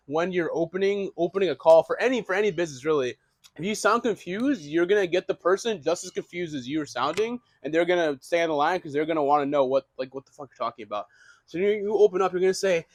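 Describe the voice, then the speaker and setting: A man's voice: fairly high pitch, quick pace, no room sound. A young man teaching real estate wholesaling in a casual, rambling way, with frequent restarts and casual swearing. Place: small room, writing on a board.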